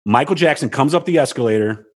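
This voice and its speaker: A man tells a story in a relaxed chat, his slightly husky voice swinging wildly in pitch as he plays every person in it. He swears freely and keeps the listener hooked. The sound is dry, with no room around it. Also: fast, no room sound. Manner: animated, acts out quotes with big pitch jumps, swears freely. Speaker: storyteller guest. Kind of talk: casual chat, animated anecdote.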